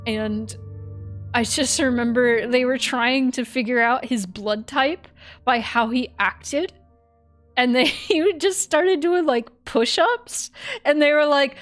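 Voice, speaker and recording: A chatty woman streamer talking casually between gameplay, her voice pitched a little high. She gets animated, laughs easily and swears freely. Faint music plays underneath. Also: takes it slowly. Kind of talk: casual livestream chat.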